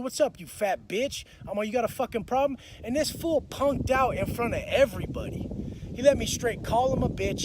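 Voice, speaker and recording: High-voiced man, blunt profane storyteller. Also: slight background noise. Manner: blunt, profane, swaggering street talk; restarts and repeats words when heated. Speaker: vlogger recounting prison life. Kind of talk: casual storytelling monologue.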